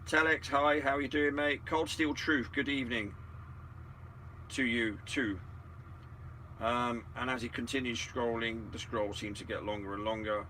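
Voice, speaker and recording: A man's voice: mid-range voice, little pitch movement, unhurried, sharp tone, a little hiss or hum. A man hosting a casual chat, greeting viewers one by one with sarcastic banter. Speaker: channel host.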